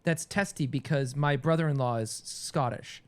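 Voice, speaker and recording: A man who acts for a living, chatting on a podcast. His voice sits a little higher than most men's. He asks curious questions and rambles along with plenty of fillers. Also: moderate pace, smooth. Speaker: actor and podcast co-host. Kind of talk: casual chat.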